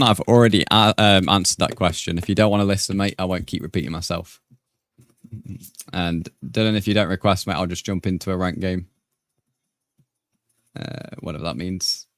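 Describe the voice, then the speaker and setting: A man's voice: deep voice, no echo. A man streaming a game, chatting casually with viewers and calling them "mate". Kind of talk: casual live-stream chat.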